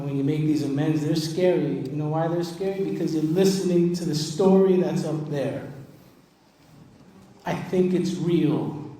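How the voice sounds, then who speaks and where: A man's voice: a little high, warm tone. A man giving a personal recovery testimony to a live convention audience, talking in a conversational, emphatic way and repeating key lines for the crowd. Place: large convention hall. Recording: distant echoey convention hall recording.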